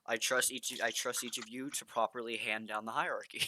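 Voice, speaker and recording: A man's voice: mid-range voice, flat delivery, fairly quick. A man hosting a casual podcast chat with playful, mock-formal asides. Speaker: podcast host. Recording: clear background noise.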